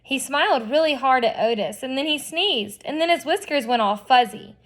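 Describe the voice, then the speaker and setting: Expressive female reader of a children's novel, slightly high, chatty asides. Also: moderate pace. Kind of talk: reading a children's novel aloud.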